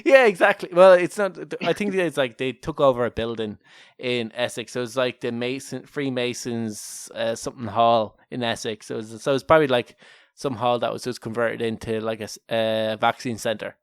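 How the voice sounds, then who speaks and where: Irish guy on a comedy podcast, smooth clean voice, dry close sound, keeps laughing at his own bits. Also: medium pitch, moderate pace, no room sound. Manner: jokey storyteller, laughs often at his own lines. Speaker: podcast co-host. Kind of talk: casual comedic chat.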